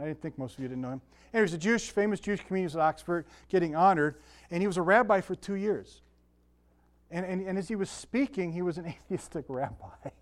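A pastor preaching a conversational sermon, mixing scripture with chatty asides and self-deprecating jokes. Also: male voice, fairly high pitch.

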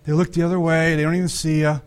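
A fast-talking pastor with a fairly high, clean-toned voice keeps a level delivery. In his chatty sermon he quizzes the congregation and voices the figures from the Bible story himself.

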